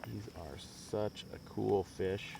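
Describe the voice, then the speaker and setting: A man chats to the camera while fishing by a pond. His voice sits low with a gravelly edge, and he talks in an excitable, self-mocking way. Faint outdoor sounds hang behind him. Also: takes it slowly, noisy background. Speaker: fishing vlogger. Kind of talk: casual outdoor vlog commentary.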